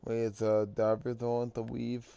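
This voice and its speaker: A tired man yawning his way through a casual recap of a football video game, talking in slow, halting phrases that trail off. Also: medium pitch, monotone. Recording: clear background noise.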